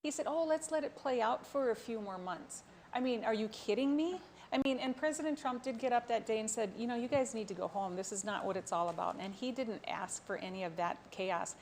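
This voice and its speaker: A woman hosting and moderating a political talk panel in a direct, brisk way. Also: a little high, a little hiss or hum. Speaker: talk show host and moderator.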